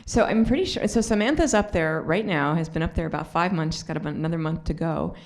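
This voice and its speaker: Woman event host, slightly low voice, upbeat, rambling casual chat. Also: fast talker. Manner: upbeat, rambling, searching for words.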